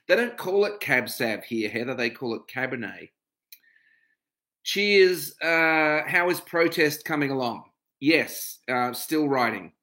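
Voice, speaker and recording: A middle-aged Australian man chats casually on a livestream, rattling off viewers' names with easy familiarity. His voice is bright and forward. When he turns to his own story, the talk becomes personal and reflective. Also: fairly high pitch. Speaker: livestream host. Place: home.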